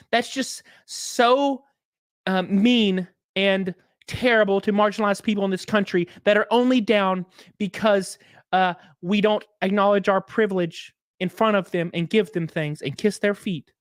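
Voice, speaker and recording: A man's voice: high-pitched, unhurried, no room sound, clean studio sound, pitched above the performer's own voice. A man voicing a whiny, self-righteous young college woman in a mocking, sanctimonious way. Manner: mocking, sanctimonious, breathy gasps.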